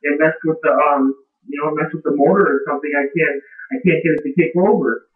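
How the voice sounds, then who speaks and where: A man voicing a scared but steady young man, urgent and worried. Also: fairly high pitch, fast talker, natural voice. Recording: tinny, echoey, from a distance.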